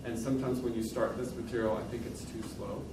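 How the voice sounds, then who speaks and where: A man's voice: medium pitch, little pitch movement, fast talker, noisy background. A man coaching a pianist in a master class, encouraging and demonstrating at the piano as he talks. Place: room with a piano. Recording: roomy sound from a distant mic with loud piano.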